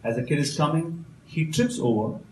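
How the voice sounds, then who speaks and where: Man, motivational speaker, animated storytelling, emphatic phrasing, roomy hall. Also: fairly high pitch, moderate pace. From India. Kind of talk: storytelling speech to an audience. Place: event hall at a consulate. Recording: roomy hall with faint background noise.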